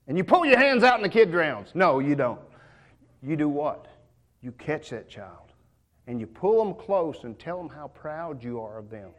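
A man's voice: on the high side, sing-song, normal speed. A man preaching a sermon in a church, folksy and joking in a conversational way.

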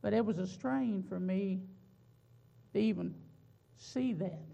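Preacher, deep fry and gravel, slow drawn-out stresses, dull lo-fi recording. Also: mellow. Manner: slow, drawn-out emphasis on key words. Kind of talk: sermon.

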